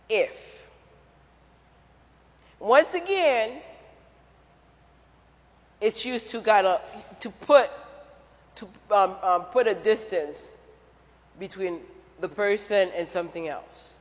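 A man's voice: high-pitched, expressive, slow, long pauses. A man preaching a sermon in a church, conversational and jokey, asking the congregation questions. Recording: church hall reverb.

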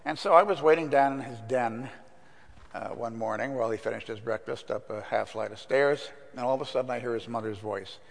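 Older pastor preaching in a reverberant church. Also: male voice, mid-range voice, fairly quick, vocal fry. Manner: conversational, anecdotal, with fillers. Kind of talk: sermon. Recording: long reverb in a church hall.

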